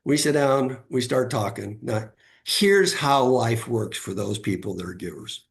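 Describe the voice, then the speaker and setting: Gravelly middle-aged male guest, anecdotal storyteller, loose and filler-heavy. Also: mid-range voice, expressive, unhurried, few pauses. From California. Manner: anecdotal, acts out quoted voices, frequent fillers. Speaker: guest author. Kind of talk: storytelling interview.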